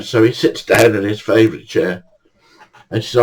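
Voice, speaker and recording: A man's voice: fairly low pitch, brisk, breathy edge, low-quality recording. An older man casually telling a funny true anecdote, chatty and swearing now and then, acting out the dialogue. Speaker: storyteller.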